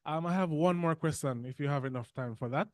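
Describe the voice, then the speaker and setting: A man's voice: a little high, a little fast, no room sound. A man calling in to a show, asking questions politely and with some hesitation. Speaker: caller. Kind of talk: phone-in questions.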